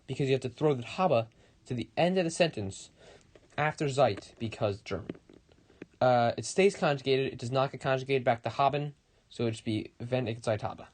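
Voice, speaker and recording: A teenage boy presents a school project as a casual lesson, rambling informally, cracking wry jokes and correcting himself often. His voice is medium-pitched and darkish, at normal speed.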